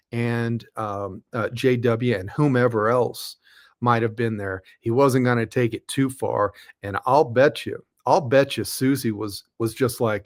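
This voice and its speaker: A pastor speaks slowly and deliberately, leaning on each word as he scolds. His voice sits in a plain middle register. His commentary is blunt, aimed straight at the viewer. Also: medium pitch. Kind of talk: commentary on a played interview.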